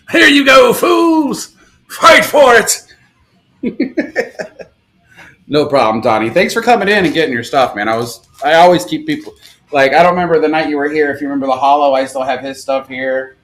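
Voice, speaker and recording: A man hosting a casual live stream, rapidly listing names and breaking into excited outbursts and curses. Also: mid-range voice, low-quality recording. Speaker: live stream card seller.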